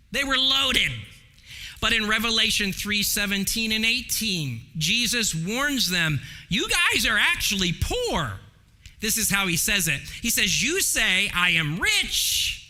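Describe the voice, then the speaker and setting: A man preaching to his congregation in a church sanctuary, his voice high and bright with a wide, animated swing. He speaks slowly and leans hard on key words, sometimes rising almost to a shout. A long reverb trails each phrase through the hall. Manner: emphatic preaching with dramatic slowdowns and raised voice. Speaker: pastor. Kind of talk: sermon.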